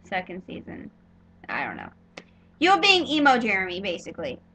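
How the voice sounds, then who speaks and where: A woman's voice: mid-range voice, huge pitch swings, moderate pace, pushed and bright, breathy edge, rough recording. A young woman giving a casual spoiler review of a TV episode, rambling and gushing with lots of filler words and restarts.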